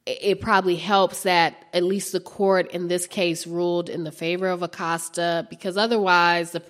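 A woman White House reporter answering interview questions in a chatty way, with many restarts and fillers. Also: fairly low pitch.

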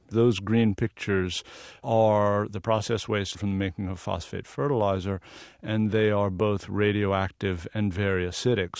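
A man's voice: on the low side, creaky, dry recording, studio quality. A man from the American South, a photographer guest in a radio interview, explaining his work earnestly.

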